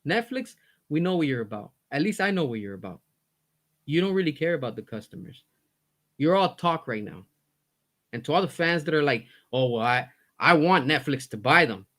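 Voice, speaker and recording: A man with a somewhat high voice delivers a heated, blunt rant. He swears freely and repeats phrases to drive his point home. His fed-up tone stays intense throughout. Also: animated, normal speed, pauses often. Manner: fired-up, blunt, swearing, repeats himself for emphasis. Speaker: commentary host.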